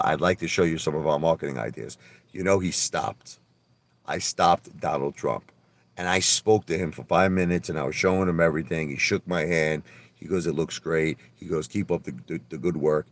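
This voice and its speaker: A man hosting a livestream, telling boastful stories in a brash, animated way, often stammering and repeating his words and swearing a little. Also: low-pitched, brisk. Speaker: livestream host. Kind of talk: casual livestream monologue.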